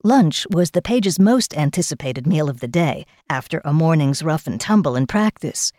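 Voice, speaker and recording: Lower-voiced woman reading a novel. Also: lively intonation, mellow, no echo, clean studio sound. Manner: measured storybook reading. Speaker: audiobook narrator. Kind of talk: scripted narration.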